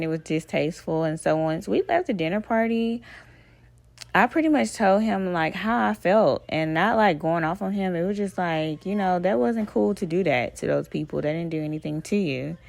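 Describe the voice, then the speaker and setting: A woman from Alabama, telling a personal story in a casual, animated way, swearing and addressing listeners as y'all. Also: fairly low pitch, vocal fry, no echo. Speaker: vlogger.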